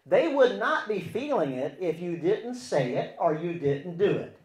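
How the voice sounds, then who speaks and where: Preaching at a measured pace, a Christian relationship teacher uses a fairly high voice with big pitch swings, alternating forceful emphasis on key points with almost-murmured asides. He often throws rhetorical questions at listeners, and the echoey room gives the sound a spacious reverb.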